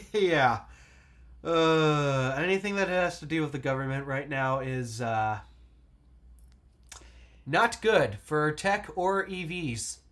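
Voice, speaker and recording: A man's voice: a little high, expressive, slow, fairly bright tone. A man co-hosting a casual tech podcast, telling stories with lots of laughter and emphasis. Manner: laughs often, storytelling emphasis. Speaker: podcast co-host.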